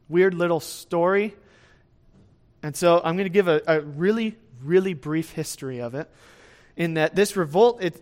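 A man preaching a sermon in a conversational way, often checking in with his listeners. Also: fairly high pitch. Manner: lively swings in loudness, speeds up and slows down. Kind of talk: sermon, verse-by-verse teaching.

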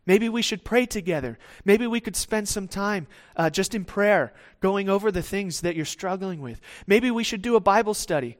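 A man with a high-pitched voice preaches a sermon. He talks in a conversational way and slips into quoted voices as he goes. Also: moderate pace.

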